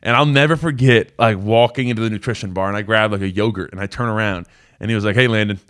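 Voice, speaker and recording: A man's voice: lowish voice, steady tone, fast, fairly bright tone, smooth. Rambling young man hosting a call-in show. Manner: casual, rambling storyteller with many fillers. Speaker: show host, former college football player. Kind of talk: live call-in sports talk.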